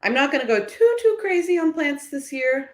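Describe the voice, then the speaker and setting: A woman's voice: high voice, sing-song, normal speed, roomy sound. A woman chatting casually and upbeat to viewers about her thrift finds. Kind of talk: casual haul vlog.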